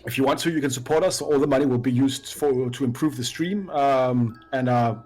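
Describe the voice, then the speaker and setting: Halting man signing off a stream. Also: medium pitch, darkish tone. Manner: halting, many fillers and restarts. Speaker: co-host of a live-play stream. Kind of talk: casual sign-off chat.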